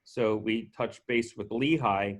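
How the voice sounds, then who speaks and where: A man's voice: on the low side, slow pace. A man, a festival co-founder, telling anecdotes in a casual way and acting out what other people said. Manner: animated, acts out quoted dialogue.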